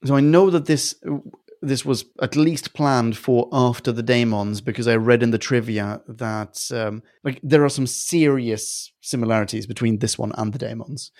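A man's voice: mid-range voice, fairly even intonation, moderate pace, darkish tone. A man co-hosting a casual chat, talking loosely with frequent laughs and rambling asides. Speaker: podcast co-host.

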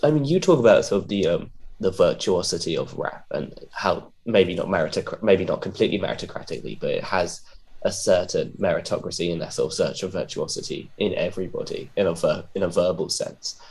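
Man, deep low voice, hesitant, lots of fillers, casual talk. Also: a little fast, a little mellow. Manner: hesitant, filler-heavy, searching for words. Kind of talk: casual conversation about poetry and rap.

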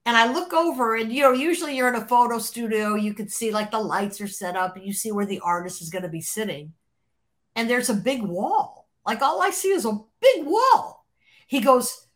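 A woman being interviewed, telling an animated story, laughing often and acting out what others said. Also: on the high side, normal speed. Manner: animated, acts out quoted voices, laughs often. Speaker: interview guest, former record label creative executive.

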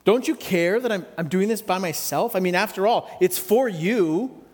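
A man's voice: high voice, animated, moderate pace, long reverb tail. A man voicing a complaining, exasperated woman who does all the work alone. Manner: complaining, accusatory.

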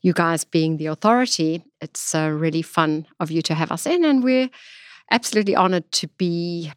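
A woman's voice: fairly low pitch, expressive, normal speed, dry recording. A woman with a South African accent, a guest in a podcast studio interview, talking effusively with many fillers. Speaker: guest, gemstone executive.

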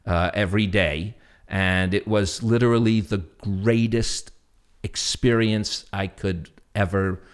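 New York man telling animated stories. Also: lowish voice, takes it slowly. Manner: animated anecdotes, acts out quoted voices, laughs often. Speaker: guest. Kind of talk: storytelling interview.

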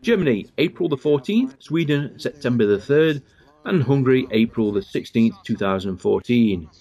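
Guy chatting through a sci-fi episode, chuckles a lot, reads off air dates and trivia, mid-pitched regular voice. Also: lively intonation, normal speed, mellow. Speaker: podcast host. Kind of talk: casual commentary while watching an episode.

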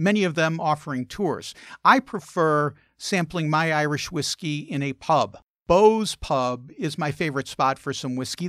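A man's voice: fairly high pitch, a bit bright, no room sound, clean studio sound. A man hosting a travel and food show, narrating wry anecdotes in a scripted style.

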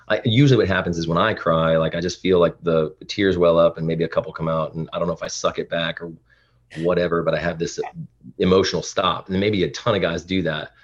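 A man's voice: sits low, slightly rough, lo-fi sound. A man in his thirties, a podcast guest, talking earnestly and emotionally in casual interview chat, often restarting his sentences. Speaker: podcast guest, dad influencer.

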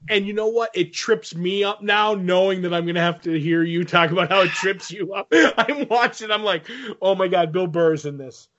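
On dull, lo-fi audio, a male podcast co-host chats casually, rambling with lots of fillers and false starts. His voice sits high and a bit bright, at normal speed with few pauses.

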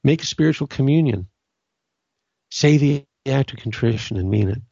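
A middle-aged man from Southern California talks about faith in an earnest, conversational way, often doubling back and restarting his sentences. His voice has a gravelly edge. The recording is dry and a little dull. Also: mid-range voice, lively intonation, normal speed, mellow, no echo. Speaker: Catholic podcast host. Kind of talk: casual spiritual talk.

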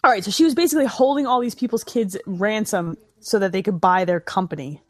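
A woman's voice: medium pitch, quick pace, no room sound. Woman co-host, snarky and foul-mouthed movie riffer, dry close sound. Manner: sarcastic, swearing, mocking the film. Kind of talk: casual movie commentary.

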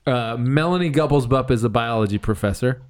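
A man hosting a casual chat podcast, relaxed and chuckling, often trailing off. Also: mid-range voice, a little fast. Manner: laid-back, chuckling, trails off mid-sentence.

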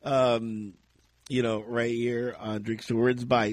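A man hosting a casual podcast chat, quick to laugh and to act out how he reacted in jumps of voice. His voice sits in an ordinary middle range, and the close recording is dry, with no room sound. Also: mid-range voice, no room sound. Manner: animated, laughs often, acts out his own reactions. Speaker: podcast host.

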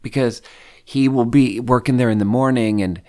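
A man's voice: medium pitch, steady tone, moderate pace, dark tone. A man from Sweden co-hosting a podcast, talking candidly in a rambling, casual way and swearing freely. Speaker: podcast co-host. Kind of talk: casual reflective chat.

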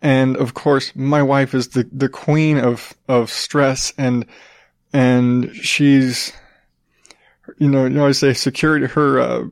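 A man's voice: medium pitch, flat delivery, takes it slowly, no echo, studio quality. A man hosting his own podcast, talking in a rambling, joking way with frequent restarts and casual swearing. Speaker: podcast host. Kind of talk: casual solo podcast talk.

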